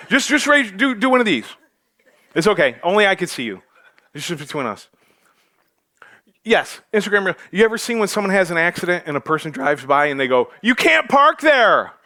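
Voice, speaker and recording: A man's voice: high-pitched, sharp tone. A male pastor preaching a sermon to his church, joking with the congregation as he goes. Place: church sanctuary.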